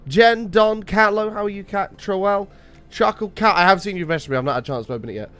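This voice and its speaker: A young man hosting a casual gaming live stream, greeting viewers by name and chatting with excitable bursts, his voice slightly rough. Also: high voice, brisk, faint music behind.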